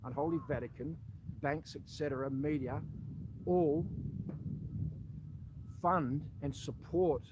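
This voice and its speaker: Blunt Australian veteran, impassioned direct address. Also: male voice, on the high side, normal speed, noisy background. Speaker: army veteran. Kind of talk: impassioned monologue addressed to an official.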